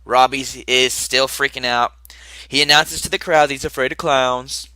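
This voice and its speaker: A man's voice: mid-range voice, steady tone, moderate pace, sharp tone, clean tone, dry recording. A young man recapping a wrestling show in a casual, rambling podcast style, with asides and muttered remarks.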